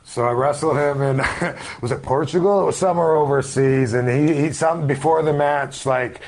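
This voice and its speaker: A man in his forties, a guest telling stories in a relaxed, rambling way in a casual podcast interview. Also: on the high side, normal speed. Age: 40s. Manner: laid-back, rambling storyteller.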